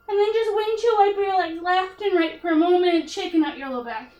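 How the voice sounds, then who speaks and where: Breathless high-voiced yoga teacher, echoey. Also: female voice, fairly quick, few pauses, darkish tone, far from the mic. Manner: upbeat encouraging counting cues. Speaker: yoga instructor. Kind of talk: cueing a workout class.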